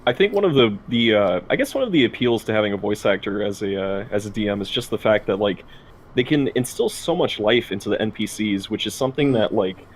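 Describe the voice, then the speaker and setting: A man co-hosting a casual chat about tabletop games, relaxed and agreeable. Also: lowish voice, a little fast, slight background noise, low-quality recording.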